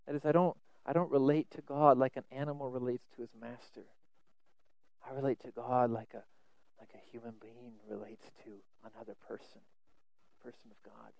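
A man preaching a sermon, earnest, often repeating words as he stresses a point, swinging between loud emphasis and soft asides. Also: medium pitch, fairly even intonation, normal speed, gravelly, no room sound, low-quality recording.

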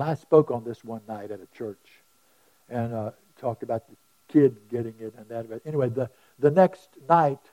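A middle-aged man preaching, his voice sitting a touch high for a man. He tells stories and moves between loud stressed phrases and quiet, almost whispered asides. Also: rough recording. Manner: storytelling, shifts from loud emphasis to hushed asides. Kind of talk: sermon.

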